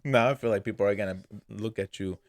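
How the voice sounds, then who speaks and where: A man's voice: fairly low pitch, fast, dry recording. A man co-hosting a casual podcast, teasing his friend playfully and slipping into Spanish. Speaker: podcast co-host.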